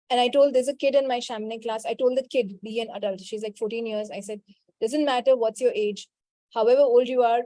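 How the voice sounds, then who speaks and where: A woman leads a spiritual coaching call, answering participants and repeating a quick clearing chant. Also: on the high side, no room sound. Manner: answers participants' questions directly, scolding gently. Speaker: healing call facilitator.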